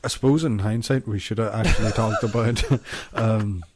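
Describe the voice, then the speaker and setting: A man's voice: on the low side, steady tone, normal speed, background noise. An Irish man co-hosting a podcast, blunt and sarcastic in casual banter. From Ireland. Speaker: podcast co-host.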